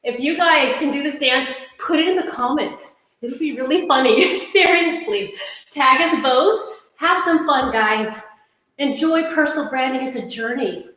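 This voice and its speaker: High, bright woman host, breathless and echoey. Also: a little slow. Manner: bubbly, laughing, breathless from dancing. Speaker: host of a live stream. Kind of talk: casual live stream chat. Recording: very echoey room with some noise.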